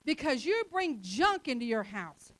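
A woman preacher with a notably high voice delivers a sermon. She talks to the congregation in a conversational way, presses her points hard and acts out short quotes. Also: very animated, measured pace, dry recording.

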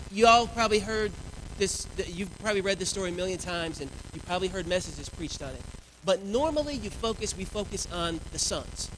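A man in his thirties preaching a sermon in a church, telling lively stories about his family. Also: sits high, a little hiss or hum, low-quality recording. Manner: lively storytelling with family anecdotes. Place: church sanctuary.

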